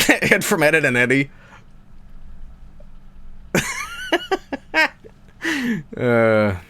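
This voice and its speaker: Rambling streamer man, lively voice. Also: on the high side, extremely slow, a little hiss or hum. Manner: rambling, stammering, self-interrupting. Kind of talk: casual live-stream chat. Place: home streaming room.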